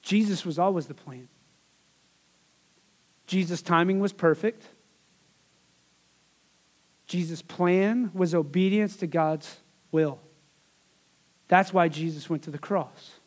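A man's voice: high-pitched, slow pace, long pauses. A man preaching a sermon as pastor, in a conversational way, with asides and repeated phrases.

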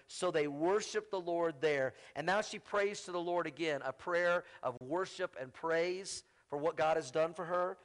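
Brief: male pastor, high-pitched, conversational sermon delivery, wry asides. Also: moderate pace, few pauses. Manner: conversational preaching with call-outs to the congregation.

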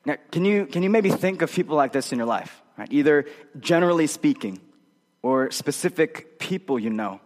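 A man's voice: a little high, lively intonation, normal speed, big-room sound. A male pastor preaching a sermon in a conversational way, often checking in with tag questions.

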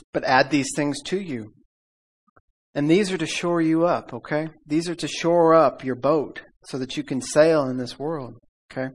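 A man preaching a casual sermon, calling out for amens and audience repeats, laughing as he tells stories. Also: on the high side. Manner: laughs often while telling stories. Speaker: pastor. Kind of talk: conversational sermon.

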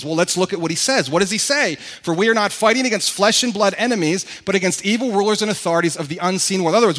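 A man preaching a sermon to a congregation, excitable and animated, who says he gets worked up and talks fast. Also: fairly high pitch. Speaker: pastor.

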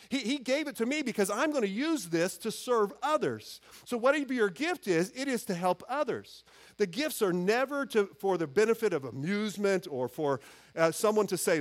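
A man preaching a sermon in an earnest, conversational way, often restarting his phrases. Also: high-pitched. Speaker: pastor.

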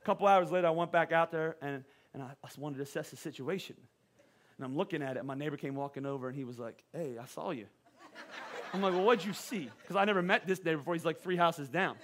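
A middle-aged male pastor preaching a sermon, telling a funny personal story with lively, self-deprecating humor. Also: a little high, rapid-fire.

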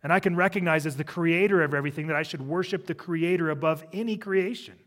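Middle-aged male pastor, conversational sermon with funny asides, slightly high pitch. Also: quick pace, a bit bright. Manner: conversational preaching with humorous asides.

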